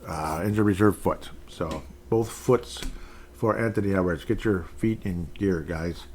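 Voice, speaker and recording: A man's voice: sits low, a little slow, a little mellow, a little hiss or hum. A man hosting a solo sports podcast, rambling casually with jokey, self-deprecating asides. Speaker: podcast host.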